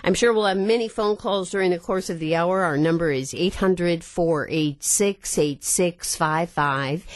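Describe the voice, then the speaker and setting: A woman hosting a public radio call-in show, conversational and clearly spoken into a studio microphone. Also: low-pitched, darkish tone, no echo. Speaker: radio talk show host.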